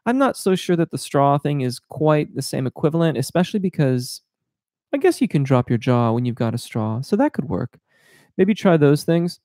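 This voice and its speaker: A man's voice: on the high side, big pitch swings, moderate pace, dark tone, no echo, clean studio sound. A man teaching voice in a live-stream Q&A, answering chat questions in a technical, explanatory way with many filler words.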